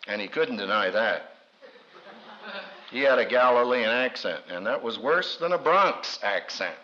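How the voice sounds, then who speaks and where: An expressive preacher with a sharp tone speaks unhurriedly, dramatizing his sermon and tossing in humorous asides. Quoted voices get acted out with big pitch swings, all on a dull lo-fi recording.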